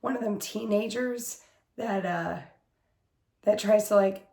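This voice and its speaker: A hoarse woman getting over an illness, with a smoky, husky voice, chatting casually as host of her cross-stitch video in her craft room. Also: mid-range voice, slow pace, mellow, reverberant. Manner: rambling, chatty, full of fillers. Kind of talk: casual chat to camera.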